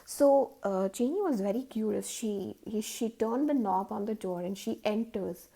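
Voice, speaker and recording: Gravelly-voiced woman telling a story. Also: medium pitch, moderate pace, mellow. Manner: chatty, with many fillers. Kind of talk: casual storytelling.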